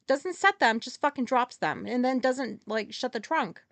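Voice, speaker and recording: A woman hosting a podcast and telling a story at home in a rambling, profane way. She corrects herself often and gets loud and agitated as she retells a conflict. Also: fairly high pitch, animated, no echo. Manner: rambling, heavy swearing, quick self-corrections. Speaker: podcast host. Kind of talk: casual storytelling monologue.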